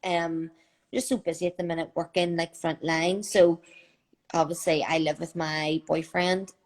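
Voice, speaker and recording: A young woman from Northern Ireland, with a matching accent, joins a live video call from home as a guest. Her voice is low and flat at normal speed, and her casual chat is full of fillers.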